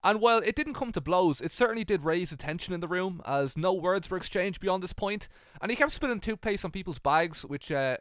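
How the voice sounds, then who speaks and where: A young man narrating with dry, deadpan humor and casual swearing. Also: high voice, fairly quick, smooth, no room sound. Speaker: YouTuber.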